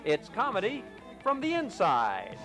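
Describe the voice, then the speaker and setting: A man reading a punchy, booming TV show promo as announcer. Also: wildly swooping pitch, measured pace, over music. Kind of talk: TV promo voice-over.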